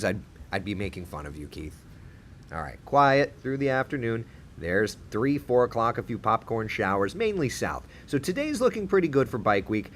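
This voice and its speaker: A chatty male TV meteorologist hosts a loose, casual live chat with viewers, playful as he reads their comments aloud. His voice sits fairly low and swings up and down in lively bursts. A faint hum stays under the recording the whole time.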